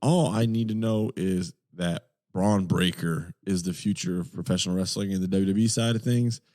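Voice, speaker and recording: Low-voiced man with opinionated banter. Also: steady tone, moderate pace, mellow, no echo, studio quality. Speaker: podcast co-host. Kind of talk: casual chat.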